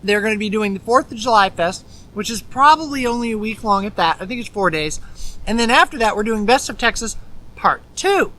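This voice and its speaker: Upbeat woman host chatting about food outside at a theme park, bright clear voice. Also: mid-range voice, expressive, fairly quick, rough recording. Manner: enthusiastic, chatty, laughs often. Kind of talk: casual on-location food chat.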